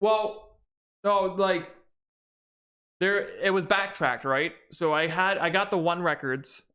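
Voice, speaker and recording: A man's voice: high voice, slow pace, bright, forceful tone. A young man co-hosting a podcast, chatting casually and rambling with frequent restarts. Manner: rambling, restarts sentences often. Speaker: podcast co-host. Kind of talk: casual chat.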